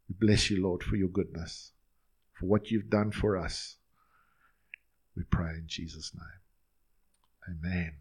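A man's voice: deep voice, slightly rough. A male pastor leading his congregation in an earnest, line-by-line prayer during a sermon in a church.

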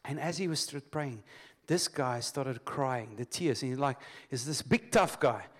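A man's voice: mid-range voice, measured pace. A man preaching a sermon to a church congregation. He leads call-and-response, tells stories with loose restarts and laughs often.

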